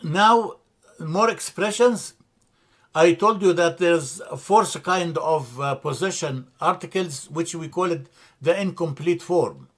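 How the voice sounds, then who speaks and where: A man teaching a language lesson from slides, slow and deliberate, repeating terms and correcting himself as he explains. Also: on the high side, fairly bright tone. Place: church classroom.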